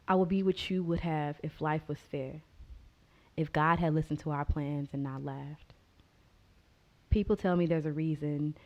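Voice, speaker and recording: A woman from Oklahoma with a slightly low voice recites spoken word poetry in a heartfelt, earnest manner. Between poems she chats in a loose, candid way. Her delivery stays sincere and grounded. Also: highs cut off. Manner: heartfelt, earnest, and loud with laughter when chatting. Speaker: spoken word poet, guest.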